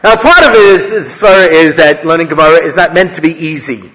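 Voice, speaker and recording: A male rabbi giving a humorous Torah lecture, an animated storyteller who laughs at his own jokes. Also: on the high side, a little fast. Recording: long reverb of a hall.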